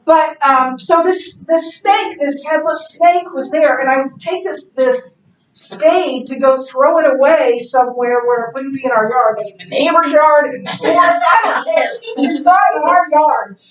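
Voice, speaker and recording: A middle-aged woman teaching a Bible class in a casual, animated way, telling stories and laughing easily. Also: high-pitched, normal speed. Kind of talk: casual classroom lecture with anecdotes. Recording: echoey classroom, distant mic.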